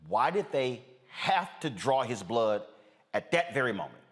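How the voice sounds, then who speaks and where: A man's voice: mid-range voice, big pitch swings, a little slow, fairly bright tone. A man hosting a news commentary show, talking directly and emphatically with frequent fillers.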